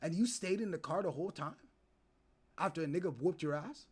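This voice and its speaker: Husky young man ranting to his live chat. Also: a little high, fairly quick. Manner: animated, profane, acts out quoted people. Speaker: streamer. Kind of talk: casual commentary to live chat.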